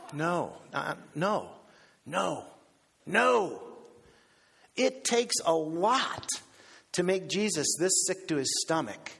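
Animated preacher in a reverberant hall. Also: male voice, slow, creaky, husky. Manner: animated, acts out quoted voices with big pitch swings. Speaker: pastor. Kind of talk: sermon.

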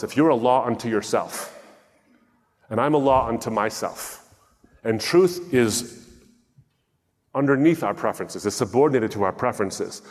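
A man with a medium-pitched voice gives a talk that sounds like a sermon, animated and wryly humorous as he acts out both sides of a conversation. His voice carries the long reverb of a large hall. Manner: animated storytelling, wry humor. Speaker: speaker.

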